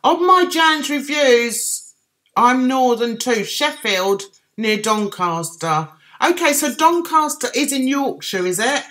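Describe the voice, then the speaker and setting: Cockney woman, middle-aged, unhurried chatty livestreamer with a bright voice. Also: high voice, animated. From London, England. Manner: chatty, reads out and answers viewers' comments. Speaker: livestream host reading chat. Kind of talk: casual chat.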